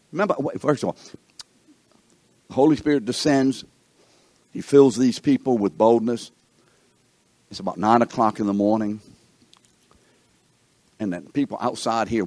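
A man leads a Bible lesson, firing questions at his listeners. His husky voice swings widely in pitch. The sound is close and dry. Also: no room sound. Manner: animated, asks the class questions. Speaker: Bible teacher.

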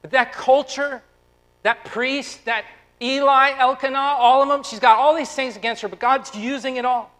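A man in his thirties preaching a lively, conversational sermon, acting out quotes and turning quiet and tender at personal moments. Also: very high voice, moderate pace, rough recording. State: close to tears. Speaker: pastor.

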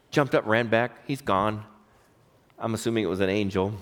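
A man preaching a sermon, swinging between emphatic, raised exhortation and quiet personal storytelling. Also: lowish voice, expressive, moderate pace, pauses often. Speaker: pastor.

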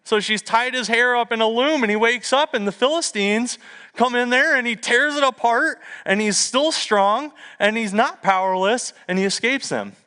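Brief: middle-aged man, pastor, bright and sharp tone, animated sermon storyteller. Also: very high-pitched, normal speed, clear, resonant tone. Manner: lively storytelling with asides and self-deprecating humor.

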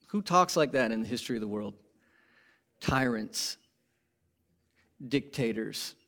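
A man preaching a sermon to his congregation, animated and conversational, asking rhetorical questions and swinging from emphatic peaks to quiet lows. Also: a little slow, long pauses. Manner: animated, rising to emphatic peaks then dropping low. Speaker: pastor.

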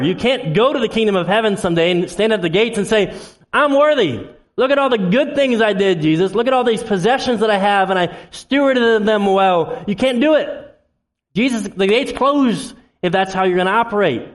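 Man preaching an impassioned sermon. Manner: impassioned preaching, swinging from loud emphasis to low intensity. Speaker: pastor. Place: church sanctuary.

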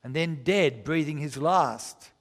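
A man delivering a dramatic sermon, his voice a little higher than most men's. He slows down to press his points and reads scripture aloud. His words ring out with a long reverb, as if from a large hall. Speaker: preacher.

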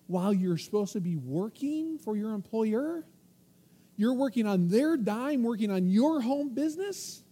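A man preaching a sermon in a husky, breathy voice with a dark, mellow tone. He gets emphatic and acts out little voices of temptation and conscience as he goes. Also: sits high, measured pace. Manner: animated preaching, acting out inner voices. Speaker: pastor.

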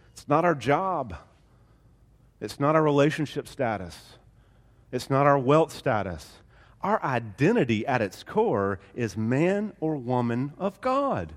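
A man's voice: mid-range voice, in a large hall. A male pastor preaching a sermon, emphatic and building on repeated phrases.

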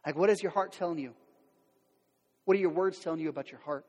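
High-voiced pastor preaching in a reverberant hall. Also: male voice, fast talker, darkish tone. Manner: candid, conversational preaching with many "like" fillers and restarts; acts out quoted voices of everyday people. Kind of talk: sermon.

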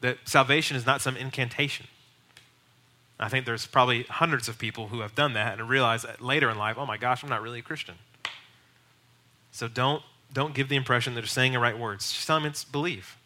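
Bright-voiced pastor teaching evangelism. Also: male voice, mid-range voice, a little fast. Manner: earnest, emphatic, builds to raised urgent bursts.

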